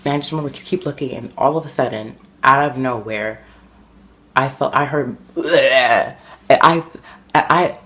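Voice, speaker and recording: A man vlogging, telling embarrassing stories in an animated, dramatic way, full of fillers. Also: mid-range voice, brisk. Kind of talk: casual storytelling to camera.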